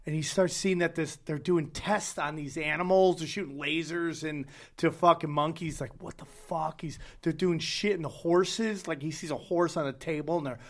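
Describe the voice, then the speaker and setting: Male podcast co-host, slightly high voice, loose swearing storyteller. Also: moderate pace, few pauses. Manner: animated, profane, rambling storyteller. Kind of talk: casual storytelling chat.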